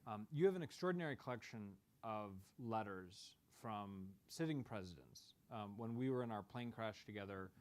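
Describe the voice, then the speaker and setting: A man interviewing a guest on stage, halting and repeating words as he sets up questions. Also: lowish voice, lively intonation. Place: stage before a live audience.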